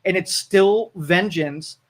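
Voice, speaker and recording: A man co-hosting a live talk radio show, blunt and moralizing as he weighs in and reads listener comments aloud. His voice sits somewhat higher than most men's. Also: slow.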